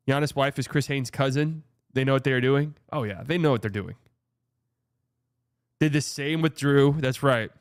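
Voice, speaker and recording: A man's voice: medium pitch, moderate pace, clean tone, no echo, clean studio sound. A man hosting a casual sports commentary show, sarcastic and blunt, swearing freely. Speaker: host.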